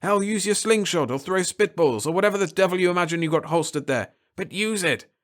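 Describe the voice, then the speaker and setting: A man doing a gruff barking captain. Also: high-pitched, fairly quick. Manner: loud, shouting urgent commands and curses. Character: gruff, impatient male military captain barking orders. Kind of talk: dramatic audiobook reading.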